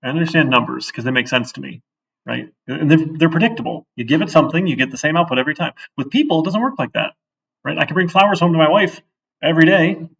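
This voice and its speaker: A programming instructor talks casually while live-coding in class, thinking aloud and often checking in with "right?". His voice is fairly high, gravelly and a bit bright, and he speaks at a quick pace. The classroom recording sounds distant and dull, with slight background noise.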